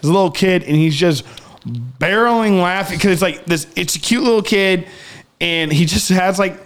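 A man's voice: sits high, normal speed, soft background music. A man co-hosting a podcast, telling rambling stories in casual chat with a lot of laughter. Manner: rambling, animated storytelling with laughter. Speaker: podcast co-host.

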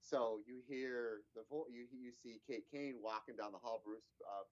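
A man's voice: mid-range voice, steady tone, normal speed, highs cut off. A man in casual chat, recapping a TV episode in a rambling way with lots of fillers and restarts.

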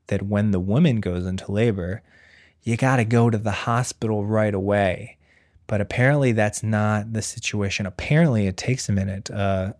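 A man's voice: lowish voice, darkish tone, no echo, studio quality. A man in his thirties giving a rambling, self-deprecating comic monologue as a nervous expectant father, full of wordplay and put-on quotes. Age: 30s. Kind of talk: casual comedic monologue.

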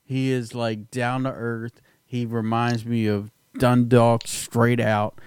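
A man in casual chat, worked up and swearing freely, breaking into laughs as he goes. His voice sits at an ordinary middle pitch and sounds close and dry, with no room around it. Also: slow, clean tone, no room sound. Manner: excitable, profane, laughing often. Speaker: podcast co-host.

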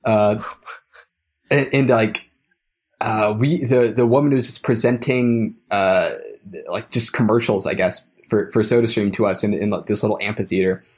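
A man's voice: lowish voice, fairly even intonation, moderate pace. A young man telling a story as a podcast guest, hesitant, with frequent restarts and trailing phrases. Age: young adult. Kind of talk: casual conversational storytelling.

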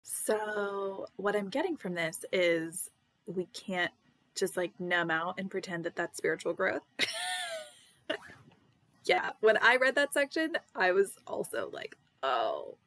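A woman's voice: mid-range voice, animated, a little slow, a bit bright, dry recording. A woman co-hosting a casual podcast, talking in a reflective, easygoing way. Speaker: podcast co-host.

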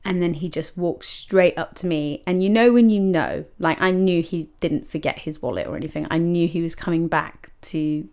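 A young woman hosting a podcast, telling a personal story in a lively, chatty way full of "like" and acted-out quotes of herself. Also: on the low side, moderate pace, vocal fry, hardly any pauses. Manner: animated, many likes and quoted self-talk. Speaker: podcast host.

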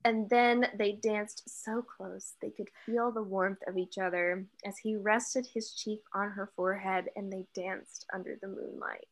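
A woman's voice: mid-range voice, steady tone, measured pace, few pauses. A young woman co-hosting a book podcast, casually recapping a novel with lots of swearing and laughter. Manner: profane, giggly, dramatic recapping. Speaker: podcast co-host.

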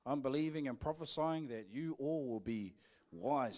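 A man pastors a church service, preaching live with a New Zealand accent in a jokey, cheeky way and acting out conversations back and forth. His mid-range voice has a darkish tone and a normal speed.

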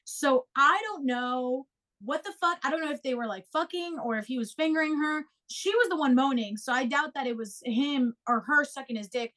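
A young woman with a high voice tells a story to her co-hosts in loose casual chat. She is animated and swears freely, jumping into voices for every quote. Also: normal speed.

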